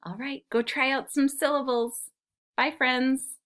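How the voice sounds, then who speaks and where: A young woman teaching children, reading a storybook aloud and sounding out words with expressive delivery. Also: high-pitched, measured pace.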